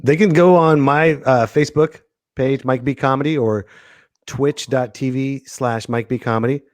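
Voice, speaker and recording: A man hosting a comedy podcast, laid-back and quick to laugh, chatting with his guest. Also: medium pitch, steady tone, no echo, clean studio sound. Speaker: podcast host. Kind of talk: casual podcast chat.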